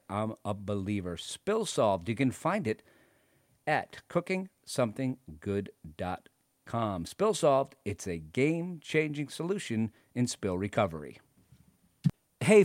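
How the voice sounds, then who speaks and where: A male radio host with a slightly low voice reads sponsor spots and jokes around with listeners. He is playful and self-mocking and breaks into sudden loud bursts. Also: dry recording, studio quality. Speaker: food radio show host. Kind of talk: radio show host reading ads and joking.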